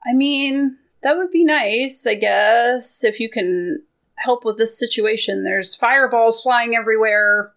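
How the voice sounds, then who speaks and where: A woman playing a tabletop game, talking in a lively, rambling way. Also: on the high side, unhurried. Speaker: player. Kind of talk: casual tabletop role-play.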